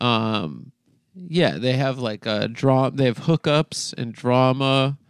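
Podcast guy rambling, lots of likes, gravelly but smooth, dry close mic. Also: medium pitch, lively intonation, slow, dry recording. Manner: rambling, full of "like" and restarts. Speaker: podcast co-host. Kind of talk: casual comedy chat.

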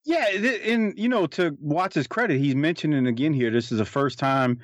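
A man's voice: fairly high pitch, normal speed, no room sound. A man co-hosting a casual commentary chat, rambling with many restarts and fillers. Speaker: podcast co-host. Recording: dull lo-fi recording.

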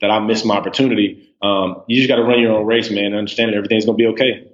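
A man in his thirties talking as a guest on a casual podcast, relaxed, with many restarts and "you know"s. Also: fairly low pitch, racing, muffled recording. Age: 30s. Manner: laid-back, stammers on restarts, says "man" and "you know" a lot. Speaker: podcast guest, snack company co-owner.

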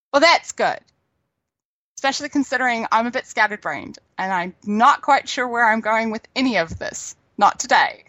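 A woman's voice: a little high, animated, measured pace, long pauses, pushed and bright, dry recording. A middle-aged woman, chatting as a guest, telling stories and laughing easily. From New Zealand. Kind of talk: casual chat.

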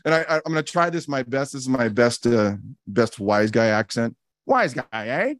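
With a mid-range voice at a moderate pace, a man hosts a podcast and gives an earnest, reflective teaching talk. He repeats key phrases for emphasis, restarts often and uses casual fillers, and the studio-quality audio has no echo.

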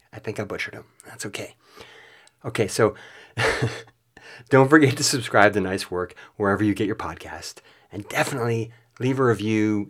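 A man hosting a podcast, reading a reflective, self-deprecating outro. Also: fairly low pitch. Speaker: podcast host.

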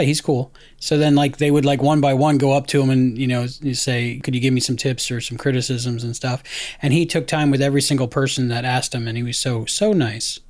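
Guy hosting a podcast, rambly, lots of uh and like, mid pitch, dry close sound. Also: a little mellow, no echo. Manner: rambling, many fillers and restarts. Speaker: podcast host. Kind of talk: casual chat.

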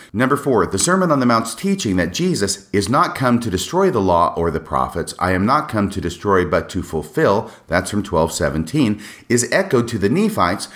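A man hosting a solo podcast, explaining scripture passages in a measured way with wry asides. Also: fairly low pitch, fairly bright tone. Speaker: podcast host.

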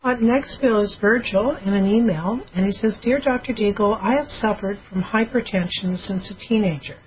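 A woman co-hosting a radio health show, reading listener emails aloud and briskly keeping the doctor on track. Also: mid-range voice, a little hiss or hum. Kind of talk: casual radio call-in hosting. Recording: dull lo-fi radio audio with faint music.

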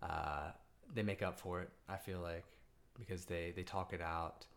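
Woman with a super low voice, playful co-host chat about a movie. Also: steady tone, moderate pace. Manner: chatty, playful asides. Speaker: podcast co-host. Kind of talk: casual film review chat.

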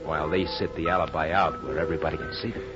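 A man's voice: a bass voice, steady tone, very fast, over loud music. A man playing a vain, theatrical informer in a 1940s radio drama, dramatic and self-mocking. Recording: dull old radio broadcast.

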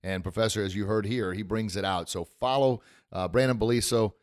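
Deep-voiced, effusive male podcast host. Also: fairly even intonation, brisk, dry recording, clean studio sound. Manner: effusive, emotional, thankful. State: choked up. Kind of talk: casual podcast chat.

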